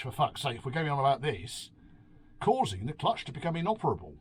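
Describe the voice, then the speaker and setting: A man's voice: mid-range voice, very animated, a little fast, slightly rough. A man hosting a beery home review, reading out an article and mocking it with sighs, swearing and sarcasm. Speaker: host. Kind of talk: drunken rambling review. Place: home, drinking beer.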